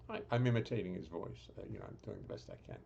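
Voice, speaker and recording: A man's voice: sits low, huge pitch swings, very fast, gravelly, muffled recording, very noisy. A man hosting a live stream from his home music studio, chatting casually with dry humor and rambling restarts. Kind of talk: casual chat.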